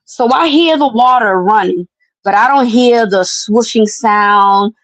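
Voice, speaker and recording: A woman hosting a casual talk show, telling a family story in a brash, profane and animated way. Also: fairly high pitch, measured pace, no echo, poor audio. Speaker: podcast host.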